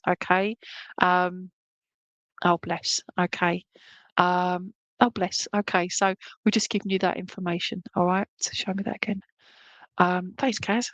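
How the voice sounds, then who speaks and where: Woman, spiritualist medium, mid-pitched, reassuring chat, dry close sound. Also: no echo, low-quality recording. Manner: chatty, reassuring, checks in with "okay?" constantly. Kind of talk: clairvoyant reading in an online church service.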